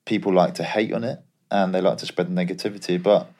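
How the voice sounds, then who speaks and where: Male ex-footballer co-host, very low voice, candid storyteller. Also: steady tone, quick pace, a little mellow. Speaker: podcast co-host, former professional footballer. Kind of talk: casual podcast chat.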